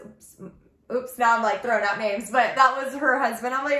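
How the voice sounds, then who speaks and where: A woman with a slightly high, sharp voice speaks at a normal pace, sharing her personal testimony in a casual ministry vlog. She's chatty, earnest and confiding, sprinkling "like" all through her sentences. The room is echoey.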